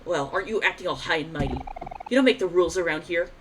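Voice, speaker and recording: A woman's voice: lowish voice, fast, slight background noise, lightly acted. A woman doing a tough teenage girl bully. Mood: taunting. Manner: tough, scornful. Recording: game music under voice. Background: game music.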